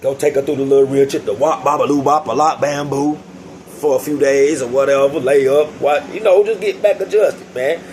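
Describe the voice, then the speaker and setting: A man's voice: mid-range voice, fairly even intonation, a little fast, darkish tone, a little hiss or hum, poor audio. A young adult man telling a casual storytime vlog, slangy and profane, often addressing his listeners directly. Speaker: vlogger telling a prison story.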